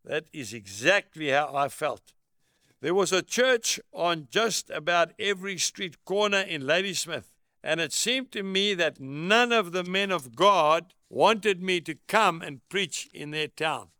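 A man's voice: high voice, lively intonation, measured pace, bright, forceful tone, no echo, studio quality. A man narrating a first-person memoir as an audiobook, in an earnest, reflective way.

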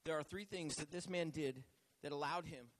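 A man's voice: on the high side, moderate pace. A male pastor preaching a sermon, joking and teasing himself and asking the church to answer back. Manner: jokey, self-teasing, calls for responses.

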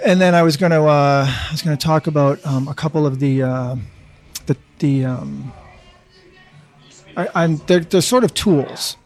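Halting man in his fifties. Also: fairly high pitch. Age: 50s. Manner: halting, many restarts, swears freely. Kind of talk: casual chat.

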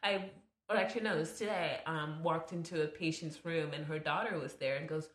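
A woman's voice: sits low, brisk, echoey room. A woman in her twenties, a guest in a casual conversation, who chats with many fillers and laughs often. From United States. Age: 20s.

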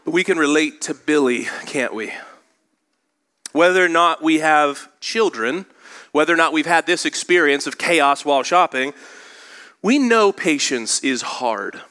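A male pastor preaching a sermon in a church, moving from slow scripture reading into lively storytelling. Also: a little high.

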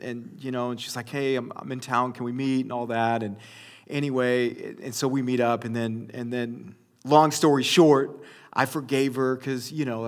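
A man's voice: fairly high pitch, fairly bright tone. A man giving a sermon, telling a personal story to his audience in a rambling way with many restarts and fillers. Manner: addresses the audience directly.

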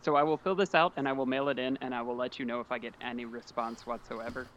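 A man co-hosting a casual podcast, recapping a book's plot quickly and dropping wry asides. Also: mid-range voice, steady tone, fairly bright tone, a little hiss or hum. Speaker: podcast co-host summarizing a book.

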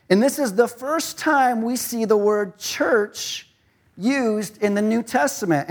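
A male pastor preaching a conversational sermon and asking rhetorical questions. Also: high-pitched.

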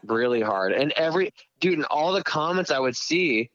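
A man casually telling a story, profane and animated, putting on voices for the people in it, heard over a speakerphone. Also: a little high, normal speed, no echo. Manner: profane, animated, acts out voices in his stories. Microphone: phone on speakerphone. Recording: dull speakerphone sound.

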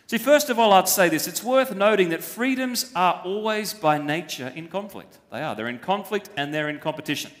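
Pastor, man, high-pitched, emphatic preaching style, long church-hall reverb. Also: lively intonation, normal speed, few pauses, a bit bright. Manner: emphatic, uses rhetorical questions. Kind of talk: sermon.

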